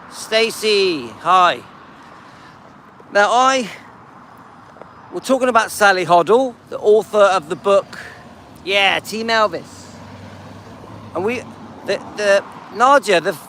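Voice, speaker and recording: A man's voice: high-pitched, fairly bright tone, a little hiss or hum. An older man hosting a casual live stream while walking outdoors through a seaside town, chatting and greeting viewers by name.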